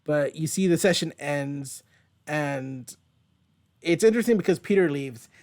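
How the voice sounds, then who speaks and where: Measured in pace but expressive, a man with a fairly high, slightly mellow voice hosts a casual comic review from home while a dog is nearby. He goes page by page, rambling and chatty, dropping fillers and an occasional swear.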